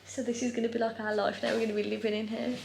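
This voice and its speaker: A woman's voice: on the high side, level tone, rapid-fire, vocal fry. A woman, chatting casually and rambling to camera while packing up to move, laughing often. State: out of breath. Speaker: vlogger. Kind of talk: casual vlog chat. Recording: loud background noise.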